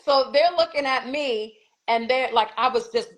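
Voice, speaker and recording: A woman with a New York accent, a guest telling a personal story in an animated way, acting out others' voices and swearing. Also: high-pitched, moderate pace, poor audio.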